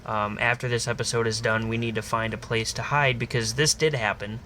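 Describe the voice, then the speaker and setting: Bright-voiced deadpan young man. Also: mid-range voice, a little fast, a little hiss or hum. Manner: deadpan, playful. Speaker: podcast co-host. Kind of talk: improvised comedic storytelling.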